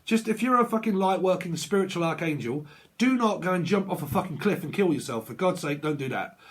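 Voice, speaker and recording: A man's voice: high voice, expressive, brisk, slightly rough. A man talking as a tarot reader in a blunt, sweary casual vlog rant, laughing often.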